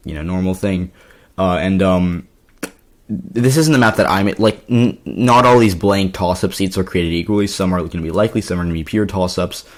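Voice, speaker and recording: A man with a slightly hoarse voice, talking casually through an election map with lots of fillers and restarts. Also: low-pitched. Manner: rambling, filler-heavy, self-correcting. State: slightly hoarse from yelling at a party. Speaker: political commentary YouTuber. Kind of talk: casual explainer commentary.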